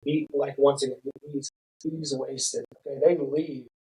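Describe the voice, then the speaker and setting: A middle-aged man, guesting on a podcast, tells a casual story in an animated way, laughing and performing what others said. His medium-pitched voice is unhurried, and the recording is low-quality.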